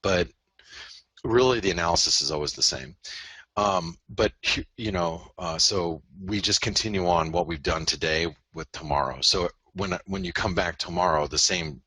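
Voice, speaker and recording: A man's voice: deep voice, normal speed, pushed and bright, husky, no echo. A man hosting a live currency-market analysis broadcast, rambling, self-interrupting and joking as he goes through his charts. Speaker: host and currency trader.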